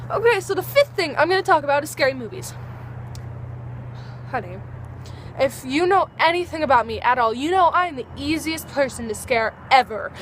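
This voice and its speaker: A woman's voice: sits high, lively intonation, moderate pace, a bit bright, a little hiss or hum. A teenage girl vlogging outdoors at dusk, chatting in a bubbly, rambling way and acting out little dialogues. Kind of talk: casual chat to camera.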